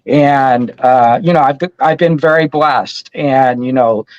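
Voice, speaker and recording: A man in his fifties, a comic store owner guest, telling a story in an animated, excited way over a call. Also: medium pitch, slow, dry recording, lo-fi sound. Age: 50s. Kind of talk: casual storytelling.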